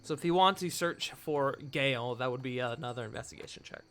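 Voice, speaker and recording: A man's voice: medium pitch, brisk, a bit bright, soft background music. A man running a tabletop game as game master, narrating casually with many fillers and restarts.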